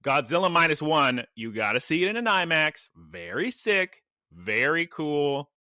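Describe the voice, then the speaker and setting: A man's voice: a little high, sing-song, measured pace, bright, forceful tone, no echo, clean studio sound. A man co-hosting a podcast in casual chat, telling stories with laughs and animation. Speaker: podcast co-host.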